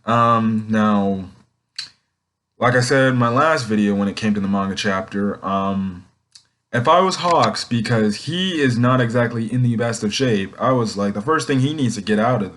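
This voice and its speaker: A man recapping a comic chapter in a loose, rambling way, filling pauses with "um" and "essentially" as he goes. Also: lowish voice, fairly bright tone. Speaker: manga chapter reviewer. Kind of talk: casual unscripted recap.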